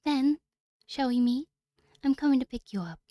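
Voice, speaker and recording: A calm, playful young senpai girl from a game, as a woman reads her lines. Her voice sits a touch higher and mellow, soft-spoken and gently teasing. The sound is dry and close, with no room around it. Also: moderate pace, no room sound.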